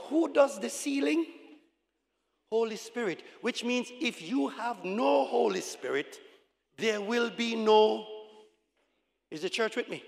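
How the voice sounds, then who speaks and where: An older man preaching an evangelistic sermon in a large church, calling to the congregation and swinging from shouts to quiet talk. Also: sits high, vocal fry. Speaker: pastor. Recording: long hall reverb.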